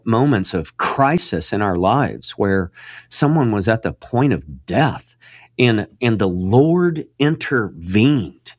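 A low-voiced man talks about faith as a radio guest, earnest and preacherly. He restarts and repeats words as he goes and climbs to emphatic highs when stirred. The studio sound is dry and close. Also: no room sound. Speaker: guest speaker on Christian faith. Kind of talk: conversational radio interview.

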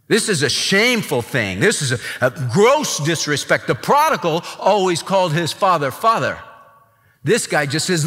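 A man's voice: a little high, sing-song, moderate pace, pushed and bright. A man pastor preaching a sermon with emphatic, dramatic delivery. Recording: long reverb, church hall.

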